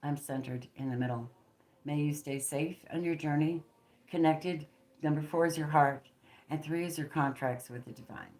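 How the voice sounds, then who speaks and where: A woman giving a spontaneous channeled tarot reading, emphatic and preachy, moving between hushed and forceful and swearing bluntly. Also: low-pitched, moderate pace. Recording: roomy echo with faint background noise.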